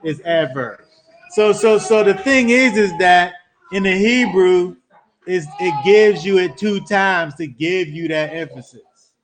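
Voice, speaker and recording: A man's voice: fairly high pitch, background noise. A man teaching a Bible study to a small group, talking conversationally and repeating words as he builds emphasis.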